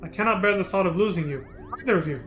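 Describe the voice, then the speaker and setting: A man's voice: high voice, fast talker, music in the background, natural voice. A man reading the lines of a stern, grieving father from a game, formal and firm. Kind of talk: reading game dialogue aloud.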